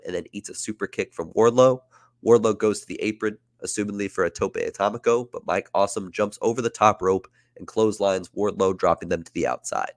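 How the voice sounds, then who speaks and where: A man's voice: fairly low pitch, no room sound, clean studio sound. A man hosting a podcast, casually narrating wrestling storylines he booked. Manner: casual, chatty with fillers. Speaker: podcast host.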